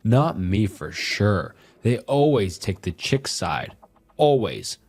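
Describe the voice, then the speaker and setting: A man's voice: fairly low pitch, very animated, slow pace, a little mellow, full character voice. A man voicing a drunk, violent, self-pitying husband who rambles and swears crudely through a horror story. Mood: bitter, rambling.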